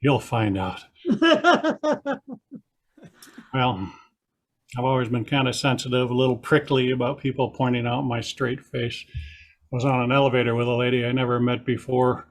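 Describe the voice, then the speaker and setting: A man's voice: medium pitch, moderate pace, pauses often. An older man doing a dry, self-deprecating stand-up set over a video call. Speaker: stand-up comedian.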